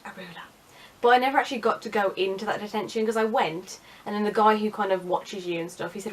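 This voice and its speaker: A woman's voice: mid-range voice, fairly even intonation, quick pace. Chatty, sarcastic young woman. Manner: chatty, sarcastic, self-mocking. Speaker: vlogger. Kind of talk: casual vlog chat.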